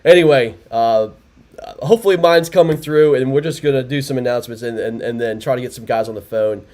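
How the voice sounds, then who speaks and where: A man's voice: mid-range voice, a little fast, darkish tone. A man hosting a live results stream, rambling with many fillers and restarts, laughing often. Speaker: tournament host.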